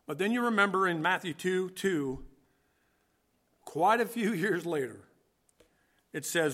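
A man with a high, bright voice preaches a sermon in a loose, conversational way. He thinks out loud, circles back and restarts his sentences as he explains scripture. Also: lively intonation, measured pace, pauses often.

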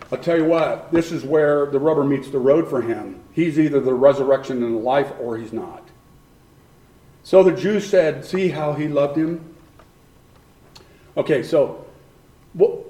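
A pastor preaches a sermon conversationally in a fairly high, slightly mellow voice, with a roomy echo on the recording. He acts out what people in the text might say, voicing them with laughs.

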